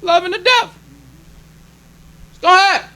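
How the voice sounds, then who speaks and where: A man's voice: very high-pitched, normal speed, pushed and bright. A man preaching a sermon as minister, emphatic and plainspoken, repeating his points. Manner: plainspoken, conversational delivery.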